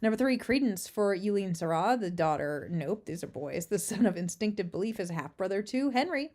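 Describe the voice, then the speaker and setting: Without her usual headset and working from a makeshift setup at a relative's house, a race caller hosts a relaxed livestream preview, talking to her chat between horse introductions with asides and laughter. Her mid-range voice is animated and a little mellow. She speaks a little fast.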